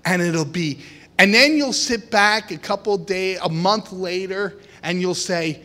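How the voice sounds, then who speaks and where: A man preaching a sermon to a congregation, animated, often acting out the voices of worried people and of God. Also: high-pitched, unhurried. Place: church hall with a congregation. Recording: long hall reverb.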